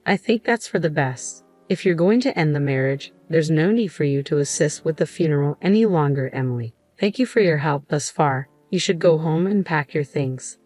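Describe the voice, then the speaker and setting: Stern older man, firm and commanding, read by a woman, low-pitched, soft music bed. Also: animated, moderate pace, few pauses, no room sound. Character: stern older man, angry father-in-law. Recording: faint music underneath.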